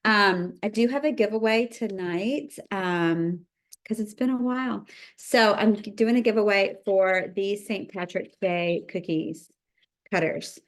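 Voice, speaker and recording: A woman's voice: medium pitch, a little slow. Chatty woman hosting a cookie livestream. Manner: chatty, bubbly, greets viewers by name. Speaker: cookie decorating instructor. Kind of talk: livestream tutorial chat.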